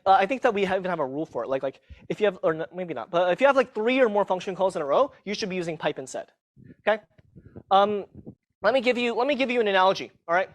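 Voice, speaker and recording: A man teaching a live university class in a casual, self-mocking way, often checking in with the students. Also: sits high. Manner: casual, self-mocking, tags sentences with "okay?". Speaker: university lecturer. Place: lecture hall.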